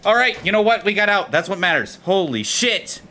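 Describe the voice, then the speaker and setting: A man hosting gameplay in voice chat, excitable and jokey, swearing often. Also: high voice, a little fast, faint music behind. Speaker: gameplay video host. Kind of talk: gaming voice chat.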